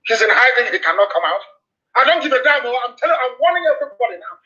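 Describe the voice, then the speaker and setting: An activist broadcaster with a Nigerian English accent gives an impassioned political address, denouncing and hammering his points with repeated warnings. His unusually high voice is bright and tense, with a sing-song, rapid-fire delivery. The dull, lo-fi recording sounds like a replayed broadcast.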